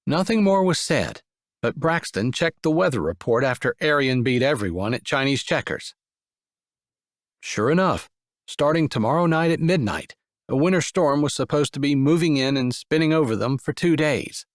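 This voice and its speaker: A man narrates an audiobook in a mid-pitched voice that rises and falls with a lot of life. The recording is close and dry, with no room sound. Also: animated, moderate pace, dry recording. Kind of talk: scripted narration.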